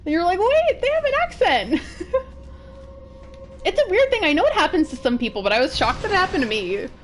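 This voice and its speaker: A woman's voice: high voice, big pitch swings, very fast, fairly bright tone, faint music behind. A woman from Massachusetts giving casual, rambling commentary while streaming a game. She laughs often.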